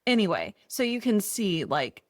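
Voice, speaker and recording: A woman in her thirties co-hosts a podcast, speaking at a normal speed with a medium pitch in echo-free, studio-quality sound. She tells candid personal stories in a casual chat, animated and full of self-deprecating humor.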